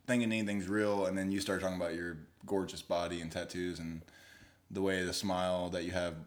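A man's voice: sits low, flat delivery, brisk. A young man co-hosting a podcast, joking and swearing casually and laughing often. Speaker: podcast co-host. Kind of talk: casual chat.

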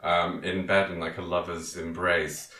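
This is a low, deep-voiced man chatting casually in a roomy, echoey space. His tone is bright and forward, and he rambles along with lots of ums and laughter. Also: level tone, unhurried. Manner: rambling, many ums, laughs often, quotes characters in silly voices. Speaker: podcast co-host recapping a film. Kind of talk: casual chat.

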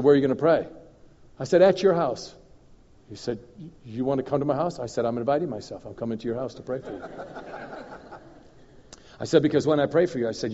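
Animated man preaching in a hall. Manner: animated, swings between loud emphatic and low confiding. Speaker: guest minister. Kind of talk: storytelling sermon. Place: church hall. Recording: dull recording in a reverberant hall.

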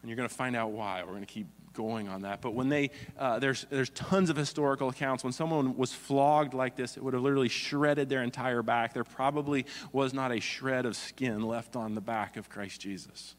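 A man's voice: medium pitch, fairly even intonation, normal speed, few pauses. A man preaching a sermon, earnest and demonstrative, often reading scripture aloud. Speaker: pastor. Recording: long hall reverb.

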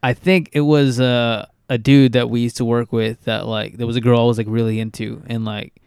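A man's voice: medium pitch, flat delivery, moderate pace, creaky, darkish tone, clean tone, no echo, clean studio sound. A young man chatting casually, laid-back, saying "like" and "dude" constantly. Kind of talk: casual chat.

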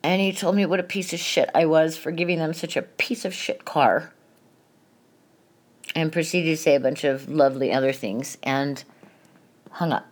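A woman's voice: sits low, fairly even intonation, normal speed, long pauses. A middle-aged woman hosting a podcast, telling a painful family story in a candid, emotional way and swearing freely. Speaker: podcast host. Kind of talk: personal confessional monologue.

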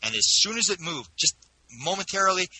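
Guy telling his story in an interview, quick and animated, keeps restarting, really bright sharp voice. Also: sits high, a little hiss or hum, rough recording. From Canada. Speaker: interview guest.

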